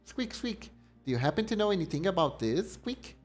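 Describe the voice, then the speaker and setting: A little hedgehog knight with a high, squeaky voice, as a man puts him on, very polite and gentle, tucking squeaks between his sentences. He sounds small and courteous, a wandering traveler. Soft game music plays faintly behind. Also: very animated, normal speed.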